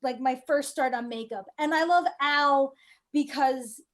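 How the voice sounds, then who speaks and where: A woman chatting casually as a guest, her voice pitched high. She rambles with plenty of "like" fillers and a wry, offhand humor. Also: a little slow. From United States. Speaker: guest cosplayer. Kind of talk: casual interview chat.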